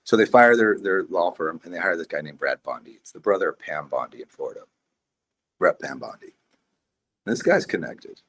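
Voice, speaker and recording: Fast-talking low-voiced man telling a story. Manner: intense, animated storytelling. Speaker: guest, priest and investor. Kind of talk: podcast interview storytelling.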